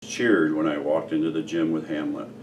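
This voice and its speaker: A man from a school staff reading a picture book aloud in a plain, steady storytelling manner. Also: extremely low pitch, normal speed. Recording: distant mic with background noise.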